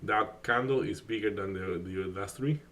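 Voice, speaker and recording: A day trading streamer whose first language is Spanish talks casually on a live stream at normal speed. His voice sits a little low with a fairly bright tone, and he rambles, restarting sentences and filling gaps with "like." The recording has a little hiss or hum.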